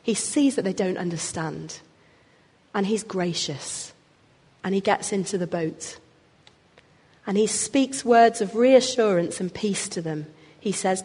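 A woman preaches a sermon in a church with a long, ringing reverb. Her voice sits at an ordinary middle pitch. She speaks expressively and lifts her emphasis on the words that matter. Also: unhurried, darkish tone, breathy edge.

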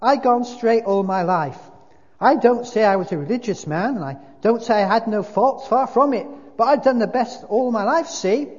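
A man voicing a blustering, self-righteous dead working man as a big ghost, loud and indignant, in a sermon. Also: high-pitched, normal speed, breathy edge, pitched above the performer's own voice. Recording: muffled hall reverb.

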